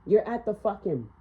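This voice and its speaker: A woman reads tarot casually and bluntly, swearing, ranting, and laughing throughout. Her delivery is animated, with pitch swinging up and down, and the sound quality is slightly dull and lo-fi.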